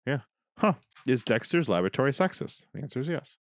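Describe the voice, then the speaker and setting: Man, podcast co-host, casual chat, profane and joking, lively pitch. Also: quick pace, dry recording. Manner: profane, joking, reads aloud from his screen.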